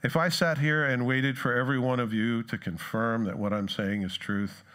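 A man's voice: medium pitch, steady tone, moderate pace, a bit bright. A male pastor giving a conversational sermon to a church congregation, reading scripture and putting questions to his listeners.

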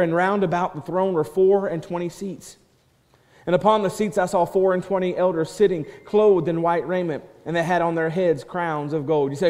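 Male pastor preaching, highish voice, loud then hushed, stammered restarts, reverb of a church hall. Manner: swings from loud proclaiming to soft hushed quoting; repeats words and restarts when building a point. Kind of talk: sermon. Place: church sanctuary.

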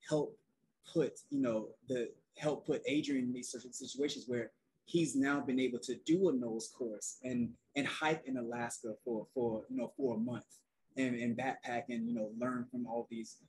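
A soft-spoken young man from North Carolina, talking calmly as a guest in a casual group conversation. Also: mid-range voice, rough recording. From North Carolina, USA. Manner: soft-spoken and relaxed, calls it his quiet storm voice. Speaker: guest, outdoor youth program founder.

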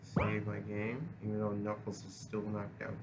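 A man's voice: lowish voice, monotone, normal speed, heavy background noise. A young man giving casual, profane gameplay commentary, rambling and restarting his sentences. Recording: game music playing behind voice.

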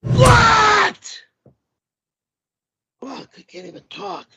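A man hosting a livestream, exploding into profane, crying shouts. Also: a little high, huge pitch swings, normal speed, creaky, breathy edge. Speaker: livestream host. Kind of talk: livestream rant.

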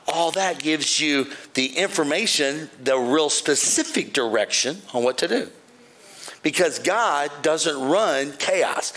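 A man preaching a sermon, his voice a bit higher than most men's. He jokes with the congregation in quiet asides, then rises into loud, shouted lines of praise. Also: expressive, moderate pace. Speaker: pastor.

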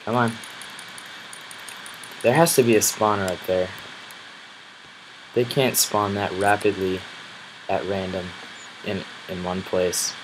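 A man with a lowish voice and an unhurried, drawn-out delivery talks through his game session. He grumbles along and breaks into loud outbursts at enemies. A steady hiss of background noise sits under the recording. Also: low-quality recording. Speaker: gameplay commentator. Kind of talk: casual let's-play commentary.

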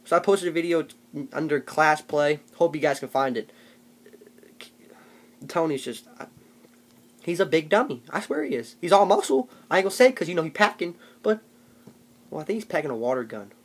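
A man's voice: a little high, lively intonation, a little fast, long pauses. A young man tells a comic story on his vlog in a loose, rambling way. He jokes as he goes and keeps slipping into little mock voices. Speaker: vlogger.

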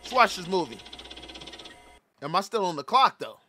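A young man doing comedic game commentary, loudly roasting the characters in slang. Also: high-pitched, very animated, normal speed, breathy edge, no room sound. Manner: loud trash-talking, roasting characters in slang. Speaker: gaming streamer.

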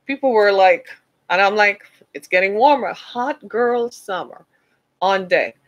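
With lo-fi sound, a US woman of medium pitch speaks in an unhurried way, preaching an emphatic motivational message to the listeners she addresses as "y'all."

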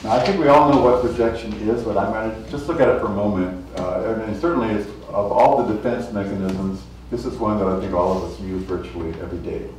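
A male lecturer speaks at an ordinary pitch in a measured, explanatory way. His voice is picked up from a distance in a very echoey hall. Faint room noise sits underneath. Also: darkish tone. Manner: measured explanatory delivery with acted anecdotes. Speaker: guest lecturer. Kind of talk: public lecture.

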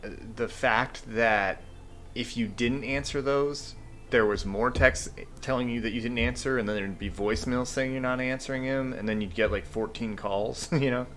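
A man's voice: mid-range voice, moderate pace, a bit bright, slight background noise. A man hosting a casual podcast, reading viewer questions with many hesitant fillers. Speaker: podcast host. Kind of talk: casual chat.

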